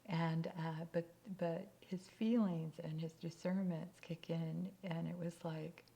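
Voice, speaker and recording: Low, gravelly woman telling stories. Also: fairly even intonation, mellow. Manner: drops into whispered asides, halting restarts. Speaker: speaker. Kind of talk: storytelling talk on faith.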